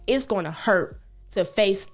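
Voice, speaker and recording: A woman's voice: medium pitch, a little slow, soft background music. Earnest woman, podcast talk. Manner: earnest, repeats phrases, reassuring, animated storytelling. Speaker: podcast co-host. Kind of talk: casual heartfelt podcast chat.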